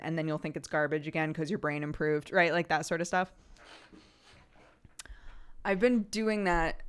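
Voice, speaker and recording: Low-voiced American woman chatting casually. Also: clear, resonant tone. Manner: rambling and self-reflective, laughs often. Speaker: streamer. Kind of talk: casual chat with stream viewers.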